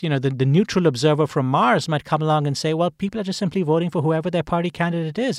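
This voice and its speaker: A man hosting an interview conversation, speaking in a thoughtful, measured way with occasional restarts. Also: a little high, no room sound, studio quality. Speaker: host.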